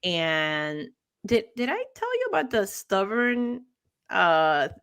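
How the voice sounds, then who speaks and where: A woman co-hosts a relaxed morning talk show over a video call. She tells long personal stories in an animated way, often breaking into laughter. Her voice sits at a middling pitch. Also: slow pace, clean tone. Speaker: co-host. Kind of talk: casual morning show chat.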